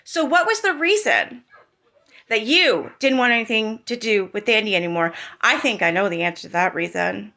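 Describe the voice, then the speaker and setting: Indignant, foul-mouthed woman with a bright voice. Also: medium pitch, lively intonation, normal speed. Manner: indignant, profane, rhetorical questions. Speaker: commentary channel host. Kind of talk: heated commentary on online drama.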